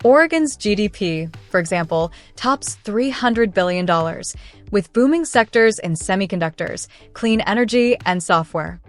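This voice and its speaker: Female narrator, mid-pitched, polished scripted read, faint music bed. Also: lively intonation, moderate pace. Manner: smooth, evenly paced read with no fillers. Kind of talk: scripted documentary-style narration.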